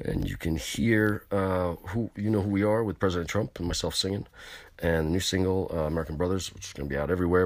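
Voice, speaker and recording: Male host from California, low voice, rambling and bragging, crude, dead-dry sound. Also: no room sound. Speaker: show host. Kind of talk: casual chat show. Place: on location.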